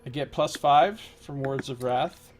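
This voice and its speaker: A man's voice: mid-range voice, measured pace, faint music behind. A man playing in a tabletop role-playing game, animatedly describing his character's actions. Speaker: player. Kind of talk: tabletop role-play narration.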